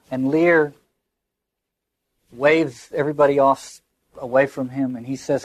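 A man's voice: mid-range voice, fairly even intonation, unhurried, long pauses, no echo. A man lecturing on literature, reflective, often restarting words as he searches for phrasing and reading quoted lines aloud with emphasis.

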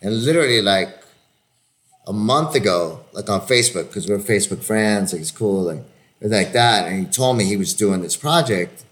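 A man in his fifties with a lowish voice talks loosely and animatedly with a friend. His speech is studded with swearing and filler words. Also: lively intonation, brisk, a bit bright. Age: 50s. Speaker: actor and podcast host. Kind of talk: casual chat.

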